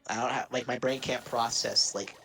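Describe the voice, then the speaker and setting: A man's voice: medium pitch, fairly even intonation, moderate pace, fairly bright tone, soft background music, rough recording. A man chatting casually while gaming, rambling with lots of fillers and giggling often. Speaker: co-host.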